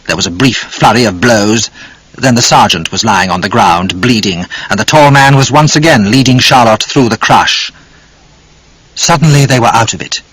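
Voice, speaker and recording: A man narrating an audiobook in an expressive, dramatic reading. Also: medium pitch, normal speed, breathy edge, dry recording, rough recording.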